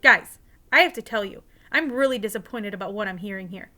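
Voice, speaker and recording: A woman's voice: mid-range voice, fairly quick, pushed and bright, natural voice. A woman voicing a mother of two boys, earnest and ready to scold, in a read-aloud story.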